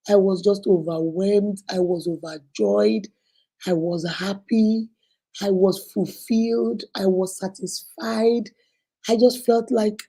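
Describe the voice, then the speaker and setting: A woman's voice: mid-range voice, unhurried, warm tone, low-quality recording. A Nigerian woman hosting a casual livestream, talking effusively and greeting viewers by name. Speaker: livestream host.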